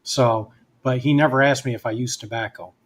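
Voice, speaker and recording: A man's voice: mid-range voice, fairly even intonation, moderate pace. A man, a guest hypnotist, telling a personal story in casual conversation and acting out both sides of the remembered dialogue.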